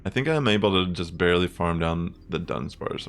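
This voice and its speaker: A young man talks through his game matches in a casual, thinking-aloud way. His voice sits low with a gravelly fry. Faint music plays underneath. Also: moderate pace. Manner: relaxed, chatty, thinks aloud with fillers. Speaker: gaming content creator. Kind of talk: casual gameplay commentary.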